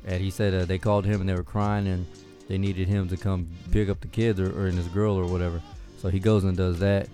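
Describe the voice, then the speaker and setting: A man in casual chat, telling a funny story, often laughing and getting loud when he quotes people. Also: low-pitched, a little fast, few pauses, faint music behind. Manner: laughs while telling stories, animated when quoting others.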